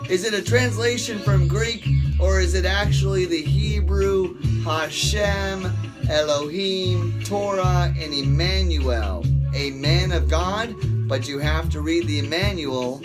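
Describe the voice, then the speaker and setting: A man's voice: high voice, slow, loud music behind the voice. A man hosting a casual bible study, rambling playfully between jokes and scripture and stretching out words for effect. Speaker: host of a bible study show.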